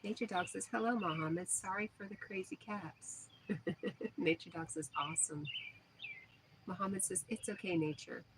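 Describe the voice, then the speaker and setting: A woman's voice: on the low side, measured pace. A woman hosting a casual outdoor livestream, reading viewer comments aloud in a chatty, friendly way. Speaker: livestream host. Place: back porch outdoors at evening. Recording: outdoor noise with birds. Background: birdsong and outdoor ambience.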